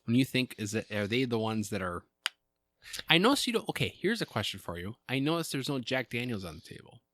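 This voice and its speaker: A man hosting a casual podcast, his pitch rising and falling freely as he jokes around and curses now and then. The sound is dry and close, with no room around it. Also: fairly quick, no echo. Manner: joking, animated, swearing. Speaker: podcast host. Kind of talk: casual chat.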